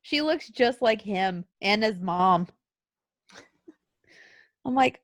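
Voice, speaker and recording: A woman's voice: mid-range voice, expressive, slow, long pauses, dry recording. A woman co-hosting a podcast in casual chat, talking loosely with lots of fillers. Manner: chatty, lots of likes and ums. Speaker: podcast co-host. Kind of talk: casual chat about wrestling.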